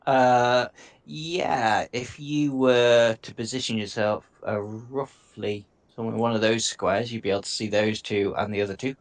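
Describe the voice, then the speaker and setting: A man's voice: medium pitch, steady tone, normal speed. A man narrating a tabletop game as game master, casual and easygoing.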